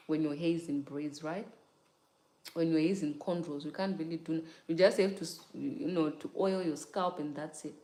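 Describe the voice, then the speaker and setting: A woman's voice: sits low, dark tone, echoey room. A young adult woman chatting casually with viewers during a hair-care livestream, laughing often and asking "you get it?". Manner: repeats "you get it?" and "child". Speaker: natural hair vlogger. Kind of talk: casual livestream chat while taking down braids.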